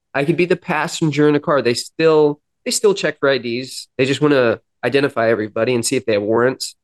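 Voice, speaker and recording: A young man, a podcast guest, telling his personal story in an earnest, reflective way and often acting out the dialogue. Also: medium pitch. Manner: earnest, reflective, quoting himself and others in dialogue.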